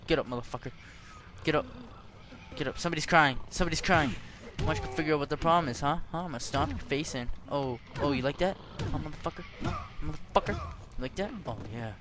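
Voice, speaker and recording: A man's voice: fairly high pitch, noisy background. A young man doing gameplay commentary, cursing and trash-talking the characters on screen. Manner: profane, trash-talking, yelling at game characters. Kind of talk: let's play commentary.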